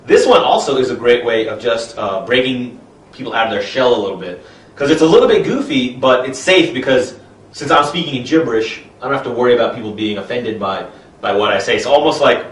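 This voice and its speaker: A man explaining an improv exercise as a trainer, lively and expressive in his delivery. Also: medium pitch, fairly quick, reverberant, distant mic, rough recording. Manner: animated, speaks in expressive gibberish while performing.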